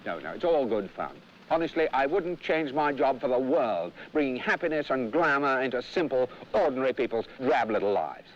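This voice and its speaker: An actor playing a showy, patronising television game show host in a 1960s film. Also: male voice, medium pitch, lively intonation, moderate pace, hardly any pauses, lightly acted. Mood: smarmy. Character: smarmy male TV quiz show host. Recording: muffled track with loud background noise.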